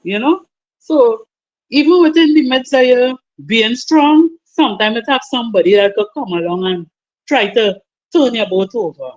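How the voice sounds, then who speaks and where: A woman's voice: fairly high pitch, normal speed, darkish tone. A woman sharing her story earnestly in a group discussion, often asking "you understand?". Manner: earnest, repetitive, laughs often. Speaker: participant. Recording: muffled lo-fi call audio.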